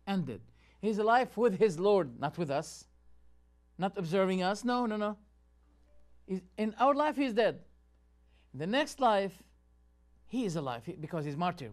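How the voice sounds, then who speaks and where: Sheikh talking over clips, pitch jumps all over, lots of rhetorical questions. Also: male voice. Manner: animated, rhetorical questions, soft muttered asides. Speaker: sheikh presenting a debate show. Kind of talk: commentary on video clips.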